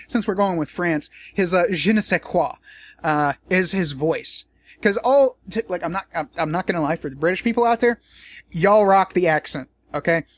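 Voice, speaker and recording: A man's voice: fairly high pitch, fairly bright tone. Rambling, profane man. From United States. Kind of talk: casual commentary vlog.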